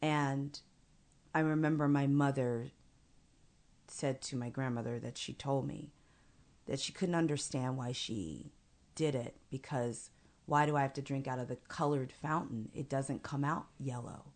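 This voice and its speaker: Low-voiced woman telling a heartfelt story. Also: fairly even intonation, a little mellow. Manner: earnest, measured, slows for emphasis. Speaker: guest. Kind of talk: personal storytelling in conversation.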